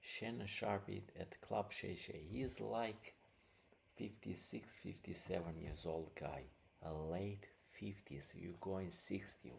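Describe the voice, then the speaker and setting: A man's voice: sits low, steady tone, takes it slowly, creaky, a little hiss or hum. A man hosting a podcast, talking casually and rambling, with many fillers. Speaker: podcast host. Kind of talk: casual commentary.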